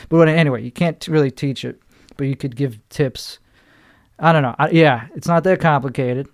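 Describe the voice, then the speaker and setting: A man's voice: medium pitch, a little fast, dry recording, studio quality. A young man and stand-up comedian talking casually as a podcast guest, blunt and emphatic, with plenty of swearing.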